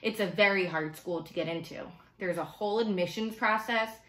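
A woman reading as a gentle coaxing mother. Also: mid-range voice, normal speed, reverberant, natural voice, rough recording.

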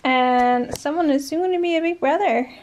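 A woman's voice: moderate pace, darkish tone, a little hiss or hum. A woman vlogging in a casual, rambling way, with many hesitations, who turns to cooing at her puppy. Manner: rambling, hesitant, full of ums; coos in a high voice at her puppy. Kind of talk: casual chat to camera.

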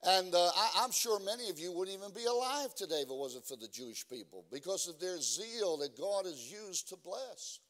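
A somewhat high-voiced man preaching a sermon in a church. He often stumbles over fillers and restarts mid-phrase. At other times he climbs into loud, emphatic preaching cadences. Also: expressive. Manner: halting with many fillers, building to shouted emphatic preaching. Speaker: guest preacher.

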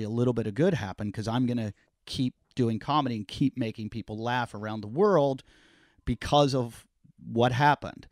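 With a mid-range voice recorded dry and clean in a studio, a man guesting on a podcast tells casual stories. He's animated, curses without holding back, and performs the people he's quoting.

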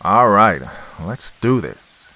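A man voicing a brash, hot-tempered man who talks loudly and excitably. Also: lowish voice, moderate pace, full character voice. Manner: loud, wrathful, excitable.

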